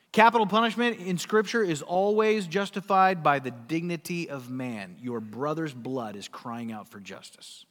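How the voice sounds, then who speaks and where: High-voiced man preaching in a reverberant hall. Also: a bit bright. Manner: emphatic preaching with rhetorical questions. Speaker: pastor. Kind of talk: sermon.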